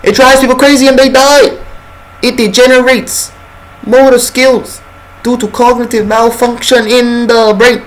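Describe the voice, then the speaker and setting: A young man voicing an eccentric male scientist who gravely warns of a plague. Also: extremely high pitch, level tone, unhurried, pitched above the performer's own voice, rough recording. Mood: ominous.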